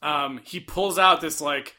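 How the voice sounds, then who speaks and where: A man co-hosting a casual podcast, recapping a movie and acting out characters in quick voices. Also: on the high side, pushed and bright. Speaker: podcast co-host.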